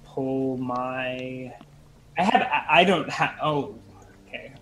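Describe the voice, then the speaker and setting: Bright, rambling man playing a wizard. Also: mid-range voice, takes it slowly, slight background noise, rough recording. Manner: chatty, rambling, self-interrupting. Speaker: player. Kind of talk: casual tabletop play.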